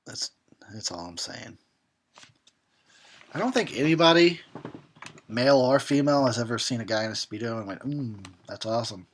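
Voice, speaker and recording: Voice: mid-range voice, expressive, moderate pace, long pauses. A horror host giving a drunken commentary on a film, rambling and swearing and often breaking into laughter.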